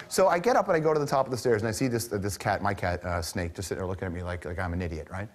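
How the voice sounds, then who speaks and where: A man hosting a TV talk show, telling a comic story about himself in an animated, self-mocking way with quick asides. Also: medium pitch.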